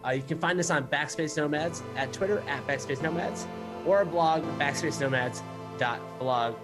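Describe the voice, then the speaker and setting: Male podcast host, lighter-pitched voice, easygoing chat. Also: normal speed, music in the background. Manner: relaxed, with filler words.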